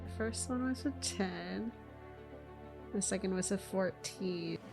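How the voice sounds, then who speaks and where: A woman's voice: mid-range voice, slow pace, creaky, a little mellow, soft background music. A woman playing a tabletop game who speaks hesitantly and unsure of herself. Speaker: player.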